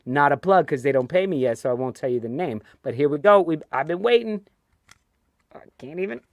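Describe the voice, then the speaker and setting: A man's voice: fairly high pitch, expressive, a little fast. A man with a New York accent hosting a casual football fan live stream, chatty and ranting, reading viewer comments aloud. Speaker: host of a fan show.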